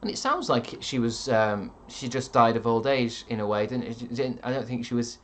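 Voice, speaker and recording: A streamer in his thirties chats casually and reads out viewer comments in a deadpan, sardonic manner, swearing plenty. He has a mid-range voice and speaks at a moderate pace.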